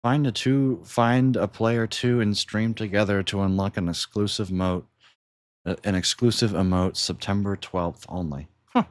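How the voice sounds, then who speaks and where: A man's voice: fairly low pitch, normal speed, no echo. A man chatting casually on a livestream, rambling and chuckling between thoughts. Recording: steady background noise.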